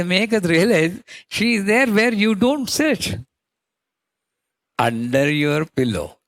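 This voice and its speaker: A man teaching devotional verses, slowly drawing out chanted Sanskrit names as he explains them. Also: fairly high pitch, vocal fry, fairly bright tone, no echo. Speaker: spiritual teacher.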